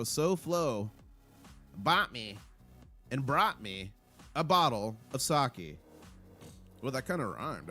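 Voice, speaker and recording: A man hosting a casual livestream, upbeat and chatty as he gives shout-outs to viewers. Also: medium pitch. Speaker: livestream host. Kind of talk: casual live chat.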